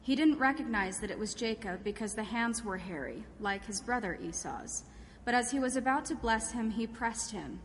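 A woman reading scripture aloud, narrating in a clear, steady way. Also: on the high side, normal speed, few pauses, a little hiss or hum. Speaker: scripture reader. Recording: reverberant church hall.

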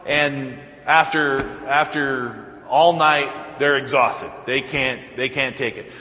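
Slow, bright-voiced joking preacher in echoey church. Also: male voice, mid-range voice, steady tone. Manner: casual, joking retelling with asides. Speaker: pastor. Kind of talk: storytelling sermon. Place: church sanctuary. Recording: echoey church with long reverb.

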